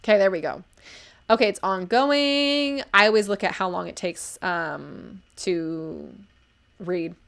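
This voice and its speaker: A young woman chatting on a live stream, full of gushing enthusiasm and filler words. Her pitch sits in an ordinary middle range. She reads bits aloud and then breaks into eager, rambling reactions. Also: slow pace, creaky, a bit bright. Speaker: livestream book reviewer. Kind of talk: casual live-stream commentary.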